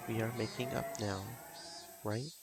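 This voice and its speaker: A man's voice: lowish voice, fairly even intonation, a little slow, rough recording. A man voicing a menacing, hot-tempered male guardian who snaps at callers. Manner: gruff, impatient, snapping. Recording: game music behind.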